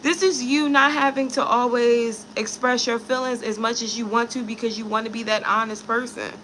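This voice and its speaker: A woman's voice: a little high, fairly even intonation, moderate pace, fairly bright tone, a little hiss or hum. A woman giving a casual tarot reading to camera, blunt and profane, with chatty asides about people she has met. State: pregnant. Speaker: tarot reader.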